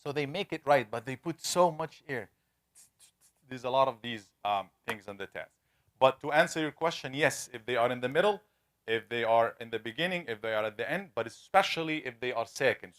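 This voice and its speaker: A man teaching a classroom lesson, asking students questions and slowly repeating sounds to demonstrate pronunciation. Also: mid-range voice, fairly bright tone. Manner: conversational, asks the class questions. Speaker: Quran recitation teacher.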